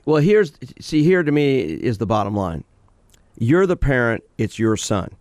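A man's voice: medium pitch, very animated, unhurried, a little mellow, no room sound. A man hosting a call-in radio show as a sport psychologist, direct and questioning as he gives advice.

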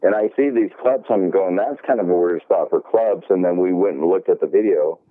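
A man's voice: low-pitched, fairly quick, no echo. A man casually telling a work story, acting out the dialogue and swearing freely. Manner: animated retelling, acts out dialogue, swears. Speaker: golf shop worker. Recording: dry, tinny phone-like sound.

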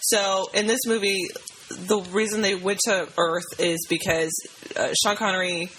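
Bright-voiced rambling woman podcaster. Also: mid-range voice, fairly even intonation, a little slow, slight background noise, rough recording. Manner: rambling, enthusiastic, lots of fillers. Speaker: podcast co-host. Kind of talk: casual movie recap chat.

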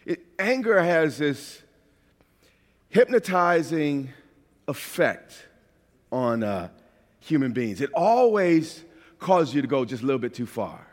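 A man from New York preaching a sermon as a pastor, animated and at times shouting. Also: a little high, takes it slowly, long pauses, in a large hall.

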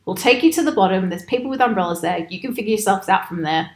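Animated storytelling woman, echoey room. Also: medium pitch, fast talker. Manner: animated, quotes people in raised voices, laughs often. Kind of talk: casual anecdote telling.

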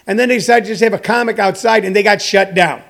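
A man's voice: high voice, fast talker, creaky, fairly bright tone. A man in his sixties who runs a comedy school, talking in a rambling, joking monologue full of fillers. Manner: meandering, joking, many fillers.

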